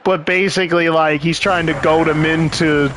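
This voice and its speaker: A man's voice: fairly high pitch, fairly even intonation, moderate pace, fairly bright tone. A young man chatting casually as he streams a game, rambling, swearing and laughing often. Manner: rambling, profane, laughs a lot. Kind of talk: casual chat while gaming.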